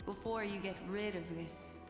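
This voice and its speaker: An actress voicing a poised, teasing female memory keeper in a game, with a smooth, wry delivery. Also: medium pitch, steady tone, normal speed, close to an everyday voice. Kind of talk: game voice acting. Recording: reverberant game audio with music.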